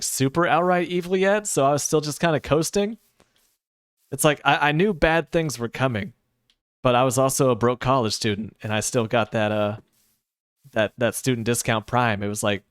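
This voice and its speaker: A man's voice: mid-range voice, fairly bright tone, clear, resonant tone, dry recording, studio quality. A sleepy man streaming a game, chatting casually with his viewers and making rambling, sarcastic asides. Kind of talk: casual chat while gaming, answering chat.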